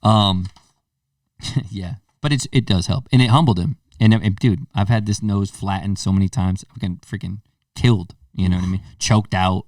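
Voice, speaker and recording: A man's voice: on the low side, normal speed, no room sound, studio quality, recorded from a distance. A man in his thirties hosting a podcast, telling a story casually and acting out the voices in it. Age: 30s. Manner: animated storyteller, acts out quotes. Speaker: podcast host.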